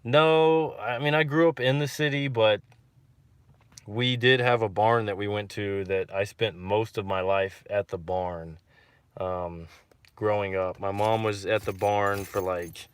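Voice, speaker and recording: A man's voice: on the low side, fairly even intonation, a little slow, clean tone, no room sound. A man from Texas hosting a casual livestream and reading out viewer comments, rambling and repeating himself with lots of fillers.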